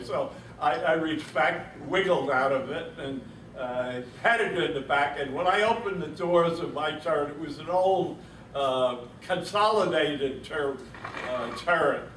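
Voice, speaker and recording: Old guy in his 80s telling war stories, kinda high voice, wry chuckly delivery, echoey room, mic far off. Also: fairly bright tone. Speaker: veteran speaker. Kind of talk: telling a war story to an audience. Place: reunion event room. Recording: roomy echo, distant mic, faint noise.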